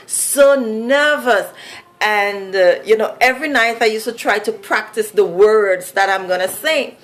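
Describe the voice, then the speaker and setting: A woman's voice: mid-range voice, a bit bright. A woman from Saint Vincent with a Vincentian accent, telling a personal story in a casual, chatty way full of fillers. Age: adult. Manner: chatty, many "like" and "you know" fillers.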